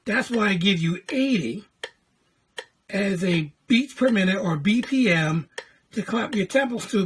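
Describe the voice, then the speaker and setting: A woman's voice: mid-range voice, slight background noise. A woman teaching a music lesson, patiently explaining note values and counting in before chanting syllables. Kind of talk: classroom lesson video.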